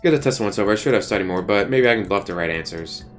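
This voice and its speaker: Low-voiced man reading a game aloud. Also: animated, faint music behind. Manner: casual, reads every part, quick asides. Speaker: streamer. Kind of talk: reading a visual novel aloud with asides.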